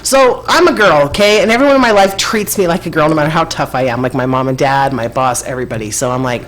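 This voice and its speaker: A woman with a low-set voice spins a casual story on a podcast. She talks bluntly and swears freely. She jumps into loud, animated retellings of what everyone said. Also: fast talker, poor audio. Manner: animated, blunt and profane, acts out quotes loudly. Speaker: podcast co-host.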